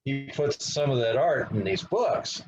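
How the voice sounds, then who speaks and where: A man joins a casual podcast chat over a video call, so his audio sounds muffled and dull. He speaks at a mid pitch, relaxed and matter-of-fact as he tells his side of the stories. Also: a little slow, music in the background. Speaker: podcast co-host.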